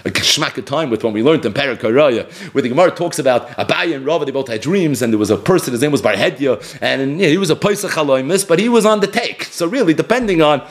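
Male Torah teacher, high voice, lively storyteller who chuckles through his lecture. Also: fast talker, hardly any pauses. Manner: animated storytelling with chuckles, lively pitch swings. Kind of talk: lecture on rabbinic responsa.

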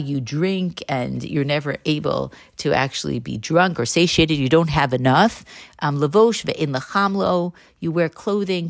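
Woman Bible teacher, fairly low voice, patient explaining, slow verse reading. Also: creaky. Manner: explains patiently, reads Hebrew verses slowly and translates them. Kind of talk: text study lecture.

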